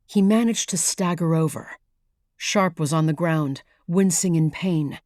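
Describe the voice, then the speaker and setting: A woman reads a thriller audiobook in a low, deliberate voice, taking her time over each line. Her measured, even storytelling is close-miked and dry, with no room around it. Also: no echo. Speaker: audiobook narrator. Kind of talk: scripted narration.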